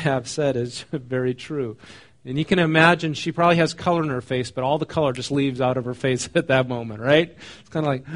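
A man preaching a sermon in a conversational way, reading a passage and then explaining it, often asking his listeners questions. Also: on the high side. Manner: conversational, asks the congregation questions; reads scripture then explains it casually. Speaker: pastor.

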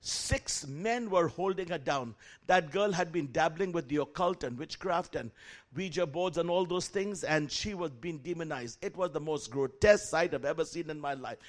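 A man with a high voice preaching a sermon as a lively story. He acts out the voices of the people in it and calls out to the congregation for responses. His tone is animated throughout. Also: normal speed. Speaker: guest preacher.

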